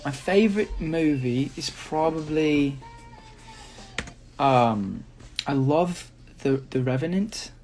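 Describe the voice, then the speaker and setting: A man's voice: on the high side, lively intonation, slow, pauses often, a little mellow, faint music behind. A man putting on a playful British accent while listing favorite films, with many hesitant fillers. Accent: put-on British.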